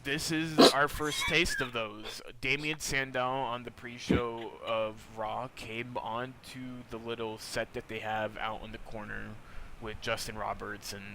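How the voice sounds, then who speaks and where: A man's voice: medium pitch, level tone, unhurried, creaky, background noise. A young man hosting a podcast, rambling loosely through news in a casual, joking chat. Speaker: podcast host.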